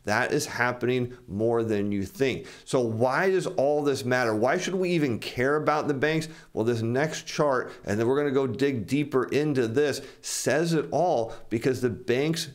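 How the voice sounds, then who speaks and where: A man in an everyday middle pitch talks through financial charts in a casual commentary style. He explains each point plainly to viewers he calls his friends. Now and then he slips into quoted asides, voicing what bankers or borrowers might say. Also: unhurried, few pauses.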